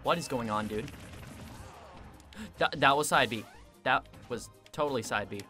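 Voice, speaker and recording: A man giving casual gameplay commentary, excitable and self-mocking, quick to vent his frustration. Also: medium pitch, faint music behind. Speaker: gaming video creator.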